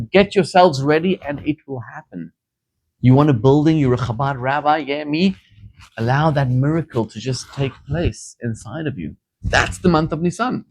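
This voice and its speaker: A man from Zimbabwe gives a sermon as a rabbi. His voice sits a little high, and he tells stories in an animated way, climbing into fervent emphasis. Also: normal speed.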